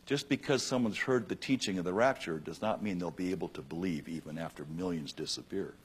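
A male pastor preaching a radio sermon with passion, swinging between loud emphatic bursts and hushed lines. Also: low voice, fairly quick, husky.

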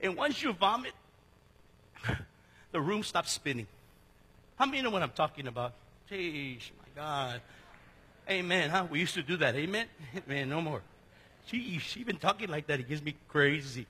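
A middle-aged man preaching a sermon as pastor in a church, talking in a casual, joking way with sudden drops to a hush. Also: a little high, lively intonation, moderate pace, pauses often, husky. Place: church sanctuary. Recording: long hall reverb.

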